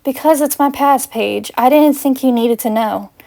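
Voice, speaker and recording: A woman's voice: high-pitched, moderate pace, vocal fry, dark tone. A woman reading the lines of a cold, stern male professor and headmaster in a curt, clipped way, as she reads fanfiction aloud. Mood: quiet cold.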